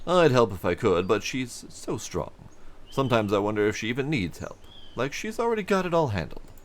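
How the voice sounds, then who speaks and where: A man's voice: mid-range voice, very animated, a little fast, pitched above the performer's own voice, natural voice. A man voicing a friendly, chatty male bridge construction supervisor in a game, reading the lines in a raised, courteous, slightly theatrical voice.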